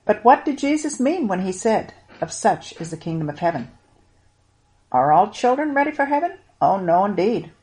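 Woman telling a children's Bible story. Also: mid-range voice. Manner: expressive, moralizing, addresses the listener directly.

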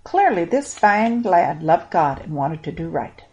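A woman narrating a Bible story for children in an expressive, moralizing way, speaking directly to the listener. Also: on the low side, unhurried, lo-fi sound.

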